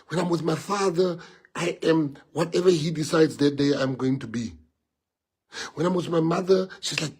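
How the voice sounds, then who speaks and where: Casting: middle-aged South African man, husky voice on the high side, impassioned public speaker. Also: moderate pace, a little mellow. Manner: emphatic, repeats and restarts phrases. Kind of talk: impassioned speech to an audience.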